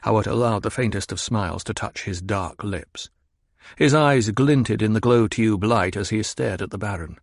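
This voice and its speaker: A man narrating an audiobook in a low, measured storytelling manner. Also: no echo, clean studio sound.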